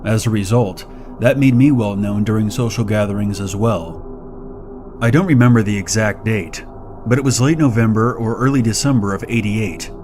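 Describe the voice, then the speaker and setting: A man reading first-person horror stories as scripted narration, measured and slowing down on the eerie details. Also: on the low side, music in the background.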